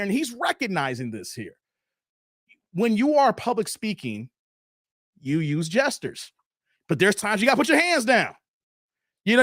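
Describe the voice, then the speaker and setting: A man's voice: very high voice, a bit bright, no room sound, studio quality. A man in his forties hosting a live stream, reacting to clips and talking straight to his chat viewers. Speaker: livestream host.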